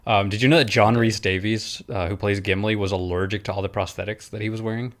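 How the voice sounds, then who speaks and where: A man with a fairly low voice chats casually and shares movie trivia. He tells his stories with easy amusement. His speech is relaxed and full of fillers. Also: fast talker. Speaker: podcast co-host. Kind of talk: casual chat.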